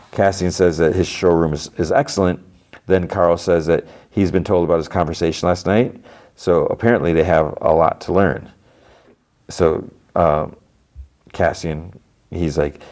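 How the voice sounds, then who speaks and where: Low-voiced man recapping a show casually. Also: darkish tone. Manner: rambling retelling with many fillers and restarts. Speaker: podcast host.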